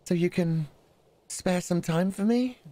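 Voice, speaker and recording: A man's voice: high voice, a little slow, mellow, in a large hall, pitched above the performer's own voice. A man voicing a determined young woman who searches for her lost lover, reading a visual novel aloud. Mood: playful.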